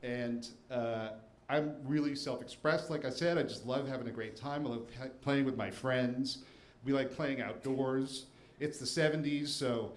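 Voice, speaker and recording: A man's voice: medium pitch, slight background noise. Wry man telling a story in a roomy venue. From Washington, D.C. area, USA. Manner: wry, self-deprecating humor. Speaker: storyteller and attorney. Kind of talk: live first-person storytelling on stage. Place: live show venue before an audience. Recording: roomy live venue with faint ambience.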